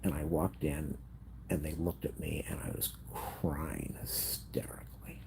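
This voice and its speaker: A grieving man telling a personal story in a vlog, emotional and halting, at times dropping into a whisper. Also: rumbling low, steady tone, vocal fry. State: grieving, on the edge of tears.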